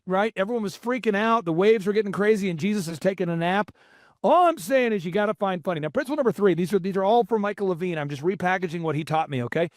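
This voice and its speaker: A man's voice: high voice, no echo, clean studio sound. A man in his forties hosting a business podcast, telling stories energetically with many fillers and restarts. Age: 40s. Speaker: podcast host and business coach. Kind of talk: motivational business talk.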